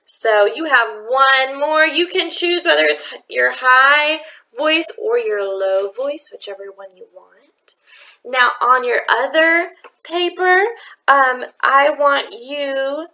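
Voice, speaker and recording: A woman teaches a rhythm lesson to young students at home, speaking slowly and patiently. Her voice is bright and a little high, and she breaks into sing-song when she demonstrates the beats. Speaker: music teacher. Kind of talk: remote music lesson for children.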